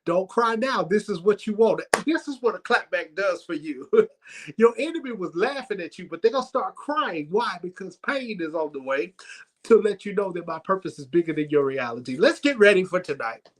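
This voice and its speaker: A man with a fairly high voice hosts a comedic church livestream, speaking into his stream microphone. He tells his stories with lively energy and often trips over his words and starts over. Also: moderate pace, poor audio. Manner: lively storytelling with stammered restarts.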